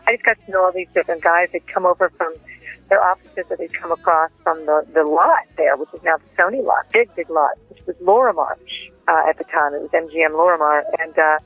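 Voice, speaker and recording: A woman interview guest telling lively anecdotes and acting out what others said, heard down a tinny phone line. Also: low-pitched, fairly quick, breathy edge, dry recording, soft background music. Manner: lively anecdotes with acted-out quotes. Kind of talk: casual interview storytelling.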